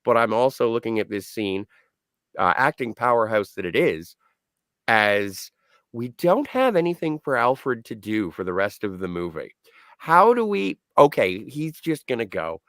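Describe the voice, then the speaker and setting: A man's voice: mid-range voice, sing-song, a little slow, fairly bright tone, dry recording. A man on a movie podcast giving wry, questioning commentary in casual chat. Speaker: podcast co-host.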